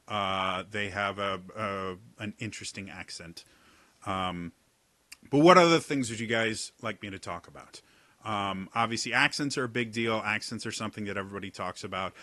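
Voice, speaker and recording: A young man gives acting tips for tabletop role-play straight to camera. His voice sits a bit low yet sounds bright and forceful. He talks in a loose, halting way, with many fillers and repeated words. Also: no echo. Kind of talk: casual talk to camera.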